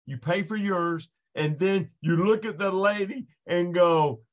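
A man's voice: high-pitched, a little slow, few pauses. Earnest man telling a faith story. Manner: earnest storytelling with many restarts. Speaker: podcast guest. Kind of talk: impassioned faith testimony.

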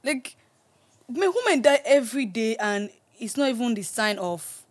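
Animated woman telling stories. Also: a little high, normal speed. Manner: animated storytelling, laughs often. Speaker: podcast host. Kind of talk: casual chat.

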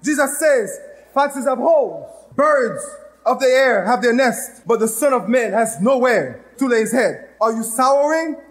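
A man with a Haitian accent preaching a fervent sermon as a pastor in a church, breaking into loud outbursts. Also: extremely high pitch, animated, measured pace.

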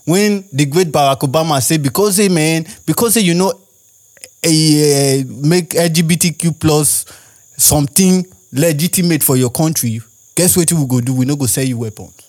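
A man's voice: on the high side, moderate pace, darkish tone. A young Nigerian man with a Nigerian accent, rambling through a casual monologue as a podcast host and firing off rhetorical questions.

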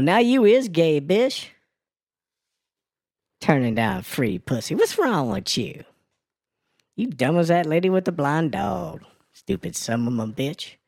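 A man voicing a brash, foul-mouthed woman who reads crude news and weather on a comedy radio show, ranting with a gravelly sass. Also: mid-range voice, darkish tone, no echo, studio quality. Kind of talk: comedy radio character bit.

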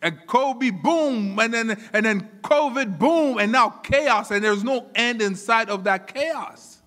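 A high, bright-voiced man preaches in a church, animated and often repeating words as he builds toward each point. His voice rings with long reverb from the hall around him. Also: slow. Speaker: pastor. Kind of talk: sermon.

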